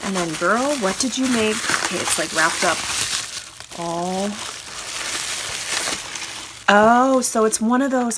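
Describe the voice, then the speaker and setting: A woman opening happy mail at her craft table, talking in a loose, gushing stream full of fillers. Her pitch sits in a plain middle range. Paper crinkles and clicks come through clearly under her voice. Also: slow pace, long pauses, noisy background. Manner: gushing, chatty, lots of fillers. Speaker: craft channel host. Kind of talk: casual unboxing chat. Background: crinkling paper and clicks from handling mail.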